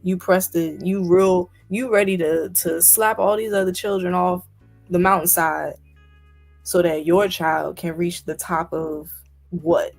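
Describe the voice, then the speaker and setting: A woman's voice: lowish voice, fairly even intonation, unhurried, creaky, faint music behind. A woman guest in a casual discussion, talking emphatically with indignant rhetorical questions. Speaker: guest commentator.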